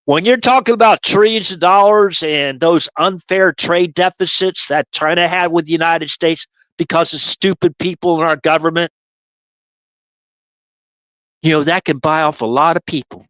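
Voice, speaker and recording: A man putting on a gruff, blustering male Marine drill sergeant who keeps calling people pal. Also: a little high, normal speed, fairly bright tone, no echo, lightly acted, poor audio. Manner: blustery, barking, condescending "pal".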